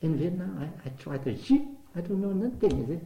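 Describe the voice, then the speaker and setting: An older man speaking non-native English with simple grammar, telling his life story as an interviewee in a lively way. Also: sits high, a little fast, vocal fry, echoey room, poor audio. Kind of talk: oral history storytelling.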